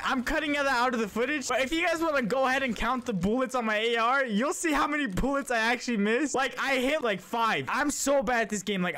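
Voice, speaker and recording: A young gamer giving live gameplay commentary, muttering calmly one moment and yelping loudly the next. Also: mid-range voice. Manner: excitable, swings from calm muttering to loud yelps. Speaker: gaming video creator.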